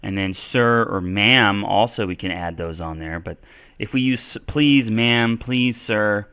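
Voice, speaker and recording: A man's voice: sits low, moderate pace, bright, forceful tone, smooth. A man answering English questions on a live stream, casual and thinking aloud with lots of fillers. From Texas. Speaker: English teacher.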